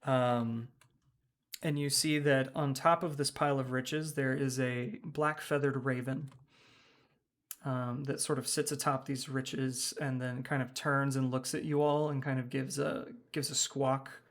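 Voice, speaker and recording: A man's voice: medium pitch, level tone, measured pace. A man running a tabletop game as game master, describing scenes with frequent ums and hedging words. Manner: hesitant, many ums.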